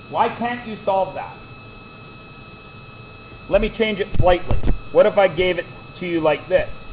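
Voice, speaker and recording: Guy teaching math in a classroom, kinda high voice, fires off questions, little hum behind. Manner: jokey, quizzing students with quick questions. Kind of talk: classroom lecture.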